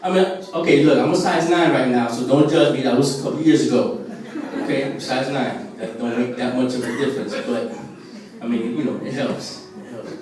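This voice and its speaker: Here the comedian's voice sits in the mid range, a little fast and a little mellow, as he spins a loose, rambling stand-up story with many fillers and acted-out voices. He's from a Puerto Rican family in the US and is performing at an open mic on a restaurant stage, sounding distant and very echoey.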